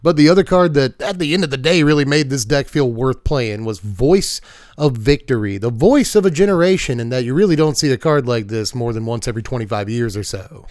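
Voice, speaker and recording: A man's voice: medium pitch, a little mellow, no room sound, clean studio sound. A man hosting a casual card game deck tech, jokey and playful with punchy asides. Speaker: card game YouTube host.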